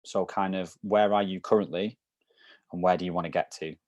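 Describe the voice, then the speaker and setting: A man with a very low voice talks through coaching ideas in a loose, rambling way, leaning on little fillers as he goes. The sound is close and dry, with almost no room around him. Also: fairly even intonation, fairly quick, a little mellow, no room sound. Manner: loose, explanatory, lots of "so" and "kind of". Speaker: wellness program coach. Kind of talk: casual group discussion.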